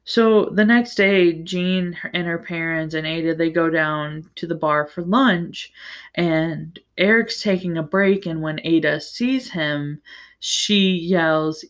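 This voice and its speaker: A woman's voice: on the low side, a little slow. A woman hosting a podcast, giving a casual, rambling book recap with plenty of fillers, restarts and the odd swear word. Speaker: podcast host.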